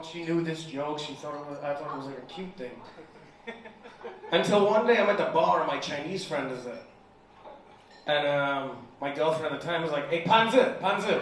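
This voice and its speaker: Crude, loud young man doing stand-up. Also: sits high. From United Kingdom. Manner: crude, self-mocking and loud, laughing through punchlines. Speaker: stand-up comedian. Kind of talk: stand-up comedy set. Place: comedy bar with a live audience. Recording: echoey room, mic heard from a distance. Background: room ambience and audience noise.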